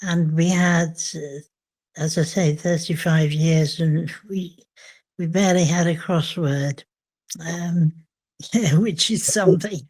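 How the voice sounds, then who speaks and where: Slow, thoughtful older woman. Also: deep voice, fairly even intonation, a little mellow. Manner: slow, thoughtful, with frequent hesitations. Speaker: memoir author and guest. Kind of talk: reflective interview conversation.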